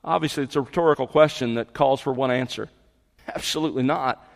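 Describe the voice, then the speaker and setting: A man's voice: mid-range voice, fast, vocal fry. A middle-aged man preaching a sermon, explaining scripture and building to emphatic peaks. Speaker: pastor. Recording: long hall reverb.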